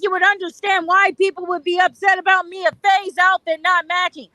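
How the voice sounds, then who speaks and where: A woman's voice: very high-pitched, level tone, a little fast, hardly any pauses, pushed and bright, dry recording, poor audio. A woman in a casual livestream chat, ranting angrily and swearing.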